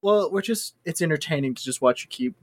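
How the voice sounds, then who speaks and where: A man's voice: on the high side, expressive, fast, no echo. Joking man on a dry mic. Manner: joking, hesitant restarts. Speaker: podcast co-host. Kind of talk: casual chat.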